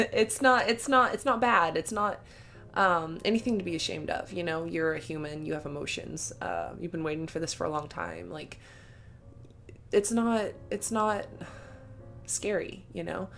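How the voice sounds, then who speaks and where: A young woman with a slightly low voice tells a personal story to her vlog audience. She gushes with feeling, fills her sentences with "like" and "um," and breaks into small laughs. Soft music plays faintly behind her. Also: a little slow, vocal fry. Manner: gushing and emotional, with filler words and laughs. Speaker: vlogger.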